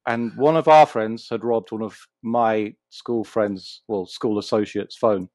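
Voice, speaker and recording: A man, relaxed and dry, co-hosting a casual podcast and telling a party anecdote. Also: fairly low pitch, measured pace, no room sound. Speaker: podcast co-host.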